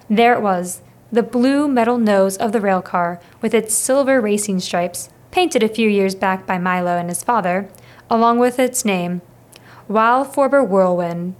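Woman reading a children's novel aloud. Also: a little high. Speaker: audiobook reader. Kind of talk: scripted storybook narration.

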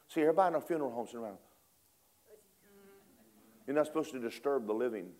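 A man preaching a storytelling sermon, animated, acting out voices and laughing often. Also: mid-range voice, fast.

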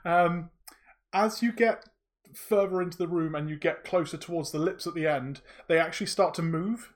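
A man narrating as game master, halting and full of fillers. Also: on the high side.

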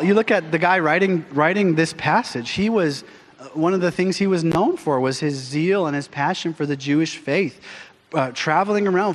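A middle-aged man preaching a sermon as pastor, telling stories with lively acted voices. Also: fairly high pitch. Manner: animated storytelling with acted voices. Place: church sanctuary. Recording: long hall reverb.

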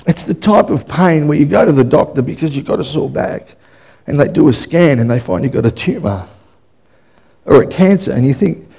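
Gravelly high-voiced impassioned preacher man. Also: animated, normal speed. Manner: impassioned, swinging between loud and hushed; repeats and restarts words. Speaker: pastor. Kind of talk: sermon.

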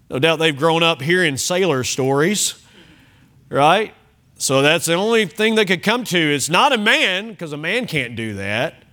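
High, lively-voiced pastor preaching. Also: male voice, slow pace. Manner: animated, emphatic reading with chuckles and asides to the congregation. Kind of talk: sermon with scripture reading. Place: church sanctuary.

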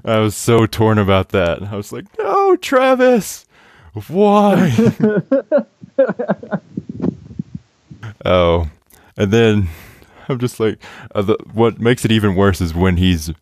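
A young man hosting a podcast in casual chat, excitable and laughing often, with many fillers. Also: fairly low pitch, moderate pace, hardly any pauses. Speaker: podcast host.

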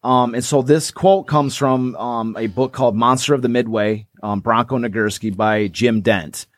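A man's voice: mid-range voice, steady tone, moderate pace, no room sound, clean studio sound. A man co-hosting a podcast, chatting casually about sports history and rambling with many restarts and fillers. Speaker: podcast co-host.

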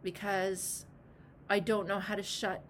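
Woman in her own voice as an ashamed inner alcoholic, halting and hurt, mid-pitched and plain. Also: level tone, a little hiss or hum, natural voice. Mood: pained. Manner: halting, hurt, then tearful and apologetic.

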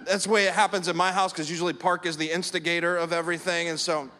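A man in his thirties or forties preaching to his congregation in a chatty, conversational way, slipping into playful imitations as he tells stories. His voice sits high for a man. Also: flat delivery, quick pace, bright, forceful tone. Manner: conversational preaching with acted-out anecdotes. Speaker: pastor. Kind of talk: sermon.

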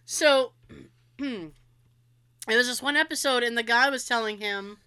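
Woman, high pitch, bright tone, giggly, animated casual podcast chat. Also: measured pace, clean tone. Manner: giggly, animated storytelling with frequent laughs. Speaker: podcast co-host.

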